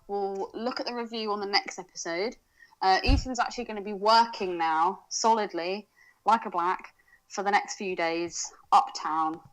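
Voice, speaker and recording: A woman's voice: mid-range voice, moderate pace, a bit bright, rough recording. Brash breezy woman podcast co-host. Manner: brash, breezy and reassuring, swears casually. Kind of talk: casual podcast banter.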